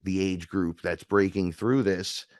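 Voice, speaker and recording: A man's voice: deep voice, a little slow, dry recording, studio quality. A man talking as a guest, telling rambling, emphatic spiritual stories and acting out the voices of the people in them. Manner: animated, acts out the voices in his stories. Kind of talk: spiritual storytelling chat.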